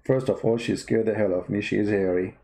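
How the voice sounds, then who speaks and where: A man's voice: lowish voice, fairly even intonation, a little fast, vocal fry, mellow, low-quality recording. A man from the East, hosting comedic religious commentary in a sarcastic, mock-bewildered way. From Middle East. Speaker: host.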